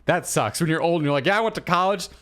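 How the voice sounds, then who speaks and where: A man in his thirties co-hosting a comedy podcast, telling stories in a casual, animated way and acting out quotes. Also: fairly high pitch, quick pace. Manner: animated storyteller, acts out quotes. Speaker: podcast co-host.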